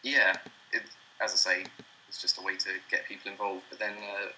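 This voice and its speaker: A young man in his late teens with a British accent, chatting casually as an interview guest over a voice call, relaxed and self-deprecating with frequent chuckles. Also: deep voice, fairly quick, a little hiss or hum, rough recording. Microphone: computer mic over a voice call.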